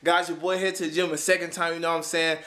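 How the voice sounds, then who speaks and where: Brash young man, high bright voice. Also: level tone, very fast, clear, resonant tone. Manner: brash, crude and joking, with loud shouted outbursts. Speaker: fitness vlogger. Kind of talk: casual vlog chat to camera. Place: gym and home.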